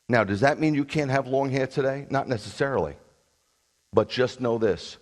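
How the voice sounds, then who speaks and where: Man, rabbi, sermon, blunt, combative, sarcastic, mid-pitched voice. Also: moderate pace.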